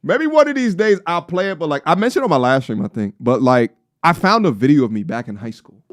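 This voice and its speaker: Reacting to a video during a stream, a Long Island man in his thirties talks a little fast in a slightly high voice with big pitch swings. There's a faint New York accent, lots of slang and joking, and the odd burst of song, all in studio quality with no room sound.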